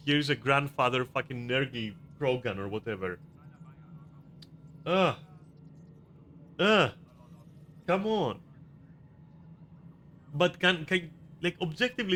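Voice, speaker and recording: A man's voice: a little high, sharp tone, a little hiss or hum. A man ranting about a video game in casual commentary, profane and exasperated, often restarting his sentences. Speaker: gaming video creator.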